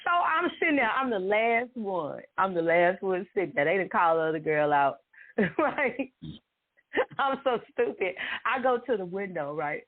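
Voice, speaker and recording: A woman from Dallas, telling a story in a casual way, animated and laughing often with dramatic exclamations. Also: mid-range voice, normal speed. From Dallas, Texas. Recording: tinny phone-like sound.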